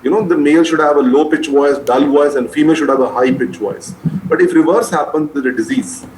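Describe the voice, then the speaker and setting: A man's voice: fairly high pitch, a little fast, darkish tone. Man lecturing in a roomy space. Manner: repetitive, drilling key terms for exams. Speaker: medical lecturer. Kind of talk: classroom lecture. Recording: roomy echo, faint noise.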